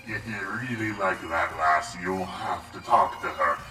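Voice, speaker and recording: A man's voice: low voice, unhurried, roomy sound. A man voicing a cheery male inflatable garden gargoyle with a folksy Scottish accent in a game. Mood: friendly. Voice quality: folksy, brogue-heavy. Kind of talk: game voice acting. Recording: distant voice over loud game music.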